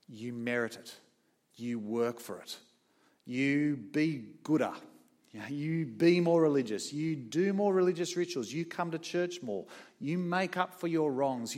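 A man preaching a sermon in a church, swinging between soft, low asides and loud, raised points.

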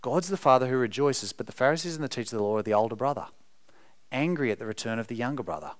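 Male preacher, lively melodic delivery, emphatic and earnest. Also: mid-range voice, rapid-fire. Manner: earnest, emphatic, speaks to the congregation directly. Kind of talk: sermon.

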